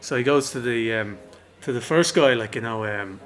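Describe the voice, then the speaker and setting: A man's voice: medium pitch, moderate pace, hardly any pauses, fairly bright tone, faint music behind. A young man, co-hosting a casual podcast and telling long rambling jokes with a giggle. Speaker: podcast co-host.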